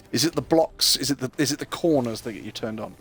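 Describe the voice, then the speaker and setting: While streaming a game, a young man with a medium-pitched, slightly bright voice chats casually with his viewers. He's chatty and joking, talking directly to chat about the gameplay.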